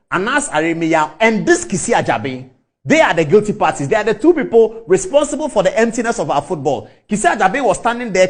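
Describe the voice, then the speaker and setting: A middle-aged man with a Ghanaian English accent giving impassioned, scornful commentary, repeating key words for emphasis. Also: sits high.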